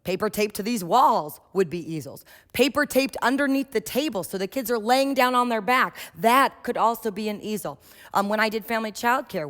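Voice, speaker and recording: A woman giving a workshop lecture on children's art, lively and storytelling, often acting out quotes. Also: medium pitch. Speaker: early childhood art trainer. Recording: echoey hall.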